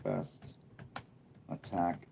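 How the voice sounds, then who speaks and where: A man hosting a casual live stream from an indoor room lit by a bright studio light, chatting and thinking aloud as he reads viewer comments. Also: very slow, slight background noise. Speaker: livestreamer.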